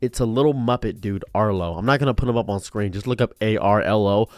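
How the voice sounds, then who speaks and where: A man ranting on a commentary stream, exasperated and profane, swinging between loud outbursts and low muttering. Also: fast talker, dry recording, clean studio sound. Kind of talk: angry reaction rant.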